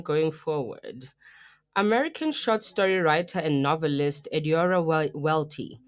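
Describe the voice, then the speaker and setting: A young South African woman co-hosting a live radio show, chatting and telling stories in a lively, casual way. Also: on the low side. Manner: chatty, animated storytelling, mixing in local phrases. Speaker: radio co-host.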